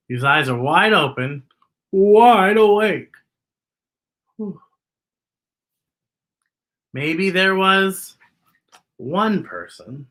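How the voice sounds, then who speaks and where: A woman's voice: low voice, sharp tone. A woman reading a picture book aloud to children, with chatty asides about the illustrations. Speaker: children's story reader.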